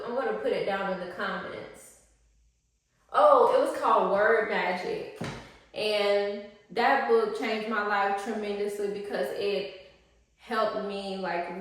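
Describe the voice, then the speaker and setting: A woman life coach chatting in a playful, slangy vlog style with a fairly high voice. The sound rings heavily around the room, and she sits back from the mic. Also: heavy reverb, distant mic. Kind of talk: casual vlog talk.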